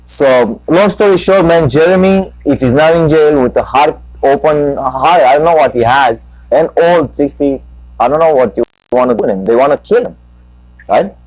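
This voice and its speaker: A man's voice: fairly high pitch, normal speed, darkish tone, dry recording, low-quality recording. A man hosting a live talk show, telling a long rambling anecdote full of profanity and restarts. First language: Romanian. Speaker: talk show host and comedian.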